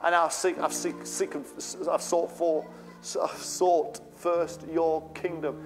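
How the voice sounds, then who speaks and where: A man's voice: a little high, flat delivery, slow, soft background music. A male pastor preaching a sermon with fervent, rising outbursts.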